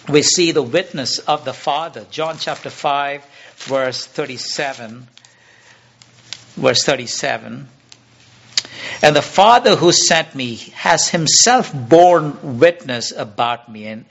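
A man preaching with emphatic force, circling back to repeat key phrases and stumbling into restarts. His voice sits a little high for a man. The recording sounds dull and lo-fi. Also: pushed and bright. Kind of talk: sermon.

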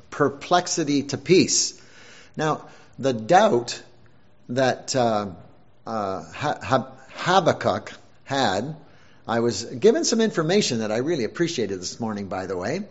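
A man preaching a sermon in an unhurried, halting way, with fillers and self-deprecating humor. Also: medium pitch, dull audio.

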